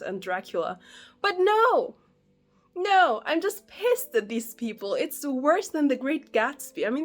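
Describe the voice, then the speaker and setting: Woman, casual reaction vlog, animated, exasperated, laughs a lot, phone mic, faint music. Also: fairly high pitch. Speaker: book vlogger. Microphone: phone held at arm's length.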